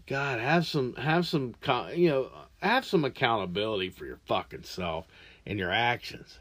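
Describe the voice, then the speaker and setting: A man's voice: medium pitch, expressive, moderate pace, fairly bright tone. A man hosting a podcast, ranting crudely and angrily with heavy swearing. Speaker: podcast host. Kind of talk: profane rant monologue.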